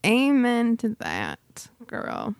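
A woman's voice: on the high side, wildly swooping pitch, very slow, no echo, studio quality. A woman co-hosting a podcast, rambling playfully and laughing often while she chats. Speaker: podcast co-host. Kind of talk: casual chat.

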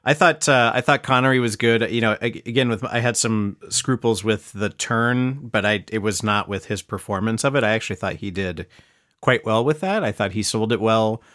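A man's voice: on the low side, moderate pace, a bit bright, dry recording, clean studio sound. A man hosting a casual movie podcast who agrees readily and passes the discussion to others. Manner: easygoing, affirming, steers the talk. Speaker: podcast host. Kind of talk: casual movie-review chat.

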